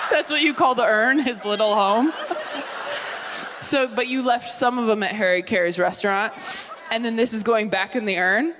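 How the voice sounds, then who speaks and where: Woman comic, bit high, teasing crowd work, live hall with audible audience. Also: background noise. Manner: teasing, incredulous, often laughing mid-line. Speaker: stand-up comedian. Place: large comedy venue with live audience.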